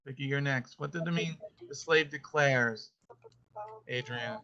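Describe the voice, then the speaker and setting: A teacher leads a homeschool lesson over a video call, calling on students one by one in a playful way. The voice is bright and forward. The call audio sounds dull and lo-fi. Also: mid-range voice, unhurried. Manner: playful, calls on students by name. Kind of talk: online homeschool class with scripture reading.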